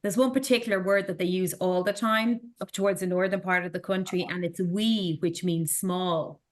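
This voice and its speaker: Irish woman explaining with lively ease. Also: fairly low pitch, normal speed. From Ireland. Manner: friendly, explains with examples, laughs easily. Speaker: sales and marketing director of a castle estate. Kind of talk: casual interview chat.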